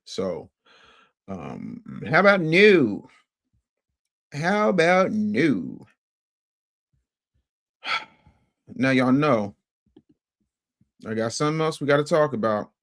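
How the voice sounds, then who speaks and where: A man hosting a casual livestream, reading viewer chat and commenting, emphatic and repetitive, swinging from loud outbursts to low mutters. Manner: emphatic, repeats phrases for effect. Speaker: livestream host.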